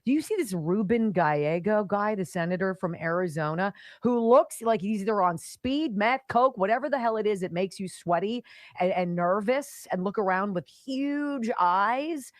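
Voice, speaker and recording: A female talk radio host from the Pittsburgh area, speaking in a lively voice that swings up and down and laces her monologue with sarcasm. The sound is dry and close, with no room around it. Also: mid-range voice, normal speed, no echo. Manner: animated, sarcastic, mocking asides.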